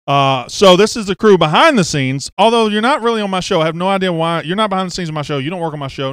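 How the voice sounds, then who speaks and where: Man, show host, teasing, rambling, smooth voice, dry close sound. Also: a little high, animated, quick pace, hardly any pauses, fairly bright tone, no echo. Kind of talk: casual show chat. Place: studio office.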